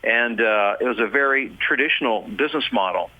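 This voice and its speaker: A man's voice: mid-range voice, lively intonation, brisk. A middle-aged man, a voiceover artist, answering interview questions in an easy conversational way. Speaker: voiceover artist and podcast guest. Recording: dull lo-fi remote line.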